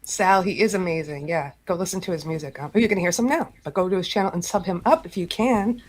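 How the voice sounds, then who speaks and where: A woman's voice: fairly low pitch, fast. A woman co-hosting a casual online panel chat, laughing often as she talks. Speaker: co-host.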